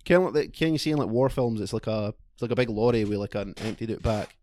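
A man's voice: fairly low pitch, fast talker, darkish tone, slight background noise. A man with a Scottish accent telling a rambling, profane anecdote in casual chat with friends.

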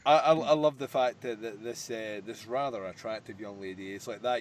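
A man's voice: lowish voice, normal speed, a little hiss or hum. A man doing casual, crude, joke-filled film commentary, laughing often. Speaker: podcast co-host.

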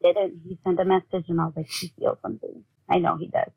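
Husky, gravelly woman on tinny audio. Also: on the low side, level tone. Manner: halting, full of "like", acts out quoted family talk. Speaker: guest, bereaved mother. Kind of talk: personal storytelling in conversation.

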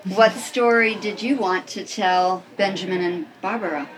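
A woman's voice: mid-range voice, steady tone, a little slow, noisy background. A woman interviewer asking questions with enthusiasm.

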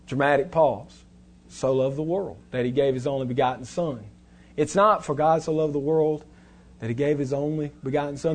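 A man's voice: medium pitch, moderate pace, a little mellow. A middle-aged male pastor preaching a sermon in an earnest, exhorting way, building up to a rising list of God's titles.

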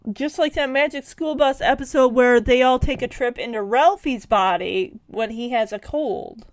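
A woman casually retelling a cartoon episode in a chatty, animated way, peppering her talk with "like". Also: high voice, normal speed, no echo.

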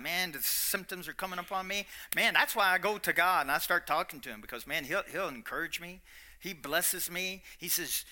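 Brief: folksy Kentucky preacher, fairly high voice, swings from soft to loud. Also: male voice, moderate pace. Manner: animated, folksy, repetitive, swings between quiet and loud. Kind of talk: sermon.

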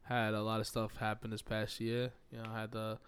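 A man with a New York accent touched by a Southern twang, chatting casually as a guest musician on a podcast, laid-back and quick to laugh. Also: fairly low pitch, completely flat delivery, a bit bright, clear, resonant tone. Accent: New York with a slight Southern twang. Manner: laid-back, laughs often, loose slang.

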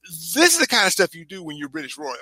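A man's voice: on the high side, huge pitch swings, quick pace, pushed and bright, no echo. A man co-hosting a podcast, riffing comically with stammering restarts. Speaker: podcast co-host, legal humorist. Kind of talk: casual podcast banter.

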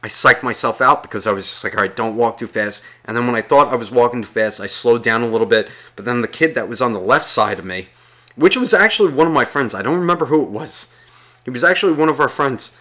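Man, bright tense voice, casual chat, profane rambling storyteller. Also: mid-range voice, expressive, fast talker. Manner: acts out quotes of people in the story. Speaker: guest telling a story.

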